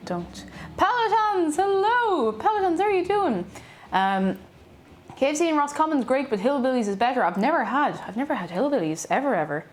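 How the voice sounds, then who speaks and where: Lively high-voiced Irish woman. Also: a little fast. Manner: chatty and playful, reading out chat messages. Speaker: streamer. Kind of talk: casual cooking livestream chat. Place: home kitchen.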